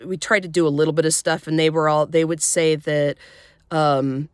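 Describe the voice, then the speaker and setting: Low-voiced woman telling a personal story. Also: little pitch movement, clear, resonant tone, dry recording, clean studio sound. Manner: emotional, halting, with many restarts. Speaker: vlogger.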